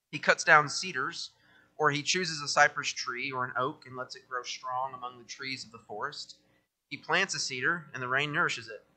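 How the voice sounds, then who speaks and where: A young man preaching a sermon, reading scripture aloud with emphasis and then talking in a lively, conversational way. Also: on the high side.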